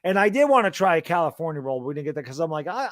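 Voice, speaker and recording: A man's voice: a little high, racing, dry recording, studio quality. A man in his thirties, co-hosting a sports talk stream, tired and yawning, chatting in a loose, rambling way. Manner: rambling, relaxed storytelling. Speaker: co-host. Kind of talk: casual chat.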